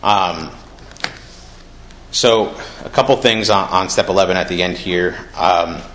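Deep-voiced man sharing his story. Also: a little slow, a bit bright. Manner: casual, conversational, acts out quoted dialogue. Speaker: recovery meeting speaker. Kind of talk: personal testimony. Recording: echoey room with faint noise.

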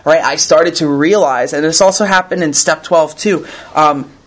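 This recovery meeting speaker has a fairly high-pitched male voice and talks at a moderate pace. He reads passages aloud and comments on them in an earnest, conversational style, frequently ending with "right?"

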